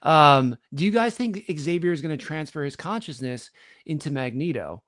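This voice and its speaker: A man's voice: fairly high pitch, expressive, moderate pace, a bit bright. A man hosting a casual group chat, laughing often and reading out viewer questions.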